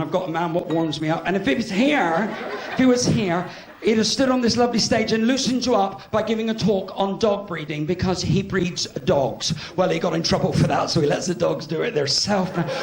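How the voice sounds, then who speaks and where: A man with a West Country accent doing cheeky live stand-up in a cabaret club, bantering with the audience. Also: sits high. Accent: West Country English. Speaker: stand-up comedian. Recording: echoey club with loud crowd and noise.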